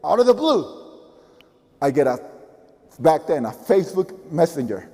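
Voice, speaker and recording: A man with a Spanish accent, a native Spanish speaker, giving an energetic, emphatic and repetitive motivational speech as a business coach. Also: on the high side, unhurried, in a large hall.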